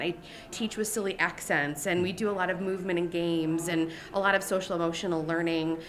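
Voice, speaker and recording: A woman's voice: lowish voice, fairly bright tone. A woman teacher answering interview questions in an earnest, upbeat way. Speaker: regional teacher of the year guest.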